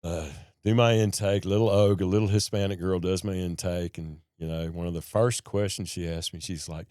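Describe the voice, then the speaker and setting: A middle-aged man talks in a deep, mellow voice. He tells his story in a folksy, animated way and acts out the people in it. The sound is dry and close. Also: normal speed, no room sound. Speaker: podcast guest telling his recovery story. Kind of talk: casual storytelling conversation.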